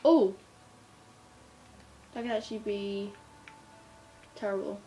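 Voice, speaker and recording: A woman chatting casually as she narrates her gameplay, talking to herself and breaking into bursts of excitement. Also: mid-range voice, a little slow. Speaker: gamer narrating her play. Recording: faint background noise.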